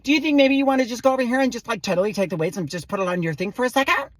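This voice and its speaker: A woman's voice: on the high side, no echo, voice pushed up, natural voice. A woman doing a chirpy Valley Girl trainer. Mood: coaxing. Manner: rushed, every sentence rising like a question.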